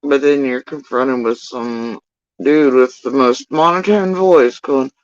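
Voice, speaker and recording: A man telling an emotional personal account, halting and swearing often as he recounts what happened. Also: mid-range voice, no echo, lo-fi sound. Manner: profane, halting, emotional retelling. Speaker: witness recounting events.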